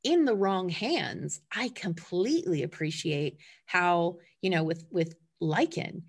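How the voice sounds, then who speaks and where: Lively woman talking about dogs. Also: on the low side, slow pace, breathy edge. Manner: animated, acts out her dogs' reactions. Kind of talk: casual podcast conversation.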